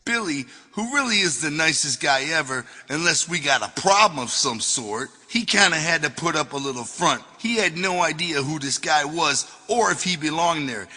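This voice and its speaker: A man reads his own memoir aloud in a profane, wisecracking storytelling voice. His tone is bright and forceful and sits a little high. A long reverb trails after him. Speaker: author reading his memoir. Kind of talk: audiobook narration of memoir.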